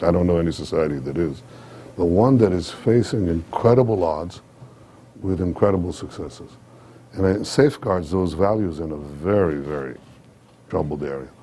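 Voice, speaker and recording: A man with a sore throat, giving measured public remarks at an event, pausing often with fillers. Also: sits low, warm tone, slight background noise. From Israel. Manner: measured, hesitant with many fillers. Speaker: guest speaker.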